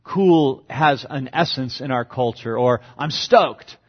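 A man's voice: slow pace, husky, highs cut off. A man preaching a sermon as pastor, explaining a passage verse by verse and acting out quoted cries with sudden rises in voice. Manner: dynamic, acts out quoted lines with big pitch jumps.

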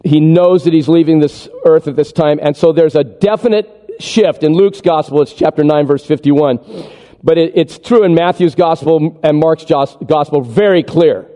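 A man preaching a sermon, animated as he walks the congregation through a chart. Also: fairly high pitch, moderate pace. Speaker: pastor. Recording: echoey hall with long reverb.

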